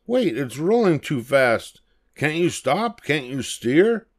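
An older man putting on squeaky excited little monkeys. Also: slow pace, heavily acted. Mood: excited, fretting. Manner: squeaky, eager, fretting.

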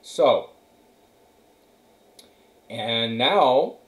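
A man's voice: medium pitch, lively intonation, extremely slow. A man teacher reading a novel aloud to his class and stopping to comment, checking in often with "okay" and "right". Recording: echoey room.

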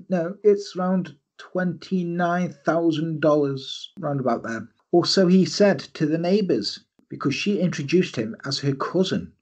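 A man's voice: on the high side, darkish tone, husky, highs cut off. A man hosting a podcast, recounting a true-crime story in a jokey way and riffing on it. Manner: jokey, giggly, reads aloud then riffs. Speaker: podcast host.

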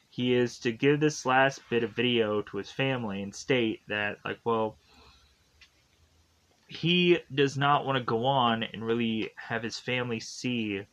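A man's voice: medium pitch, fairly bright tone, muffled recording. A man giving a casual spoken film review, tired and yawning, rambling in a loose and repetitive way. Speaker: movie reviewer.

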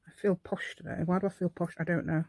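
This middle-aged woman's voice is lowish, steady, creaky, husky, and a little mellow, and she talks fast with no room sound. Hosting a crafting channel, she demonstrates a project while chatting to herself in a mock-posh telephone voice, rambling as she works.

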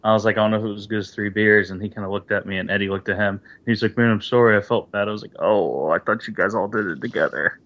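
Brief: male podcast co-host, low voice, quick pace, muffled lo-fi recording. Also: a bit bright. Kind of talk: casual chat.

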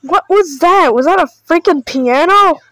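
A woman's voice: very high voice, lively intonation, measured pace, a bit bright, poor audio. A woman doing casual reaction commentary on videos, sarcastic and full of mock panic.

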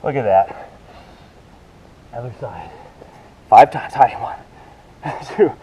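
A man's voice: mid-range voice, slow, mellow, a little hiss or hum, low-quality recording. A man leading a yoga workout, counting reps and cueing moves while he exercises, out of breath. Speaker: fitness instructor. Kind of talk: coaching a workout video.

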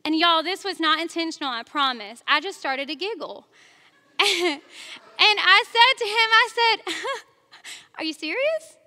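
Bright, high-voiced woman preaching. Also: lively intonation, unhurried, long pauses. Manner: chatty storytelling, talks straight to the congregation, laughs at herself. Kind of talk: sermon. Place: church sanctuary. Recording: long reverb of a large church hall.

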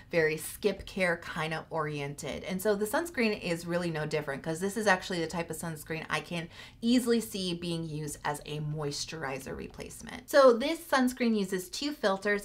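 A woman's voice: on the low side, fairly bright tone. A woman vlogger chatting enthusiastically through a skincare product review, laughing now and then. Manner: chatty, enthusiastic, laughs often, frequent "like" and "you know". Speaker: beauty vlogger reviewing sunscreens. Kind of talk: casual product review to camera.

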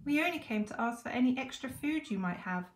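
A woman's voice: a little high, expressive, unhurried, pitched above the performer's own voice. A nervous young grocer pleads in a slightly raised, hopeful voice, as a woman puts him on. Timid storybook helper. Echoey room.

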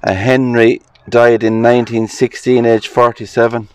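A man's voice: medium pitch, flat delivery, clear, resonant tone. Irish man reading old headstones outdoors. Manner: reads headstone inscriptions aloud slowly, musing. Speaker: cemetery vlogger. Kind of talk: casual walking commentary. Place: outdoor graveyard.

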